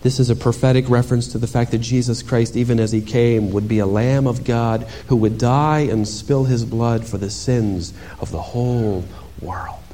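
A male pastor preaching a sermon in an animated, dramatic way, moving from loud emphasis to hushed asides. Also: medium pitch, moderate pace, few pauses, slight background noise.

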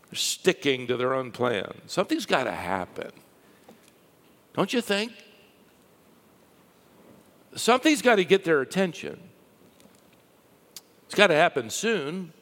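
A man preaching a sermon, telling stories with lively rises and a hushed drop for the quiet parts. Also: a little high, measured pace, long pauses. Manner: lively storytelling, dropping to a hush for quiet lines. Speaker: pastor. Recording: long hall reverb.

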